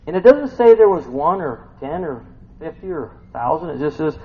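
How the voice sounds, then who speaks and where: A man's voice: a little high, big pitch swings, moderate pace, narrow, tinny audio. A man preaching a sermon as pastor, folksy and exclamatory, often asking his listeners "huh?".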